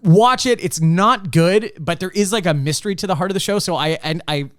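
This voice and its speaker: A man co-hosting a podcast in casual chat, rambling and animated, with lots of fillers and laughs. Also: high-pitched, a little fast, no echo, studio quality. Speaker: podcast co-host.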